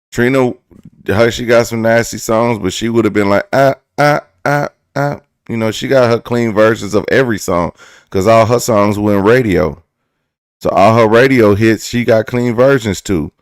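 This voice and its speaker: A man hosts a laid-back commentary video, talking straight to his viewers in slang. His voice sits fairly low, and it is recorded dry and close with no room sound. He keeps asking his audience rhetorical questions. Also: no echo. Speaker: host. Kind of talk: casual commentary.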